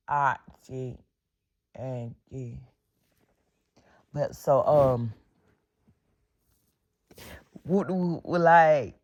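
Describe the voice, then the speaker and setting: A middle-aged woman telling a casual storytime vlog story, blunt and full of profanity and sound-effect words. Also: extremely low pitch.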